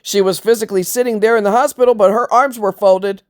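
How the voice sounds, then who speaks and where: A woman's voice: mid-range voice, fairly even intonation, fast, a little mellow. A woman ranting to her viewers in a blunt, scornful, profane way, mocking others in voiced quotes. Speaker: vlogger.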